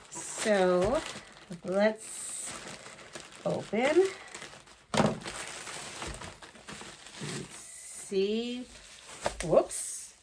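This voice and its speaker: A woman chatting casually as a quilting vlogger, gushing and excitable, rambling with lots of fillers. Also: fairly high pitch, noisy background. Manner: gushing and excitable, gasps and giggles. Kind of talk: casual unboxing chat.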